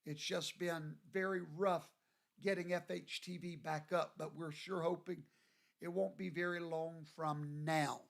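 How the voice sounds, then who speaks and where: A man from Louisiana, hosting a livestream and greeting viewers by name in a folksy, drawn-out way. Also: fairly high pitch, fairly even intonation, creaky. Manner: folksy, drawn-out, reads viewer names aloud. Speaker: show host.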